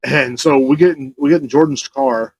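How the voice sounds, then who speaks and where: A man's voice: medium pitch, steady tone, breathy edge, dry recording. A young man, hosting a podcast and rambling through profane anecdotes in casual chat. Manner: rambling anecdotes, quick, laughing, swears freely. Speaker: podcast host.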